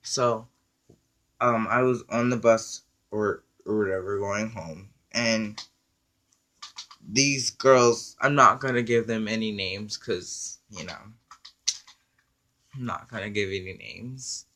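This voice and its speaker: Animated, bright-voiced male storyteller. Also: fairly low pitch, slow, pauses often, a little hiss or hum. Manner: animated, profane storytelling with quoted dialogue. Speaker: vlogger. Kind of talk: storytime vlog.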